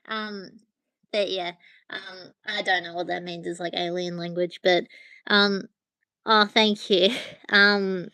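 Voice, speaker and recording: A woman streams live from her phone, chatting to viewers in a loose, rambling way. Her voice is bright and crisp. The sound is close and dry. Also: mid-range voice, no echo. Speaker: livestream host. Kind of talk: casual livestream chat with viewers.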